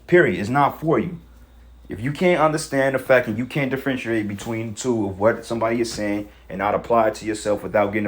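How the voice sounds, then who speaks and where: Blunt, confrontational man ranting. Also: fairly low pitch. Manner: blunt, confrontational, profane, with rhetorical questions. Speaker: member of a religious group giving commentary. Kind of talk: casual spoken rant.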